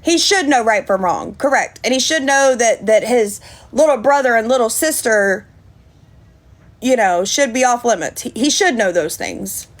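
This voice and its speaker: A woman's voice: a little high, animated, moderate pace. A woman chatting on a livestream, indignant, thanking viewers by name. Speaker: livestream host. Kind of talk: casual livestream chat.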